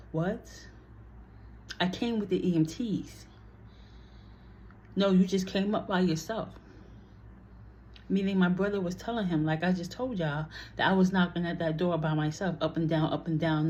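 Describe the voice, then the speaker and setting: A woman's voice: deep voice, a little mellow, highs cut off, slight background noise. A woman telling a personal story in a casual vlog, blunt and heated, swearing freely and acting out what others said.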